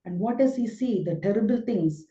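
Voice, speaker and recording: A woman's voice: a little high, moderate pace, warm tone. A woman spiritual teacher giving a scripture lesson as vivid storytelling with rhetorical questions. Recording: roomy, dull recording.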